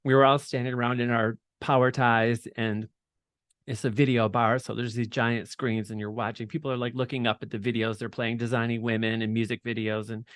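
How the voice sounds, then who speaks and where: A man's voice: mid-range voice, a bit bright, no echo, studio quality. A middle-aged man as an interview guest, telling his story candidly and with animation, laughing often and swearing freely.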